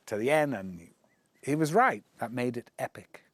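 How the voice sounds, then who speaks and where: A man's voice: medium pitch, expressive, moderate pace, no echo. A man telling anecdotes in an interview, acting out the quoted dialogue with shifting voices. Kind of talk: anecdotal storytelling.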